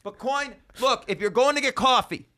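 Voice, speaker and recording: A man's voice: extremely high pitch, moderate pace. A man from Las Vegas, a comedian and podcast host, telling stories and ranting in a casual chat. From Las Vegas, USA. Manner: animated ranting storyteller.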